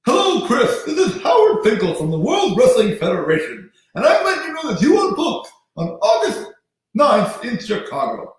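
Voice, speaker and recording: A man imitating a booming, formal male ring announcer with a loud, theatrical delivery. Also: wildly swooping pitch, normal speed, full character voice. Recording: very echoey room.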